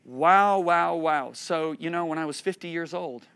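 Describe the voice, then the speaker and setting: Fifties male preacher, slightly high voice, expressive storyteller who swings between loud and hushed. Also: unhurried, creaky, clean tone. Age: 50s. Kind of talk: sermon teaching.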